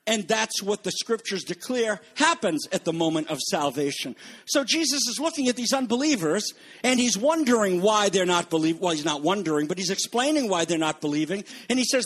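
Male pastor, high voice, emphatic sermon delivery that swells to fervent peaks. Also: expressive, brisk. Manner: addresses congregation as folks.

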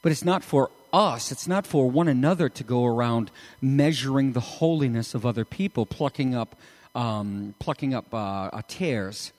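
Animated preacher in a reverberant hall. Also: male voice, medium pitch, moderate pace. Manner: animated, rising to emphatic peaks. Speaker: pastor. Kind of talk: sermon.

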